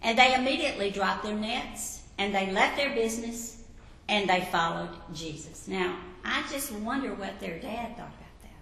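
A woman teaching a sermon, telling Bible stories and asking the listeners questions. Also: a little high. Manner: warm storytelling, asks the listeners questions. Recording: echoey hall with long reverb.

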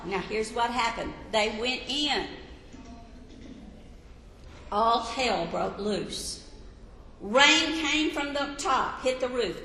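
Woman preacher, slow deliberate delivery, fairly high voice, long hall reverb, emphatic sermon. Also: expressive, slight background noise. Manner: emphatic, rising to loud peaks, tells listeners to write it down.

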